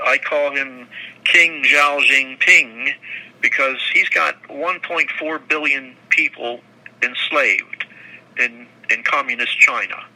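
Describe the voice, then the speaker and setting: An older man talks in long, rambling answers, stumbling over repeated words and restarting his sentences. His voice has a very bright, forward edge. It sounds like an unscripted interview. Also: a little high, poor audio. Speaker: guest.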